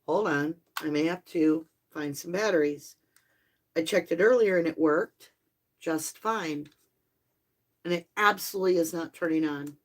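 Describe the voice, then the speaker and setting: A woman's voice: low-pitched, measured pace, rough recording. A woman hosting a live stream, chatting casually and apologetically with viewers as she fiddles with her equipment. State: out of breath from the stairs. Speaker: host of a live tarot and spirit box stream. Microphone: phone.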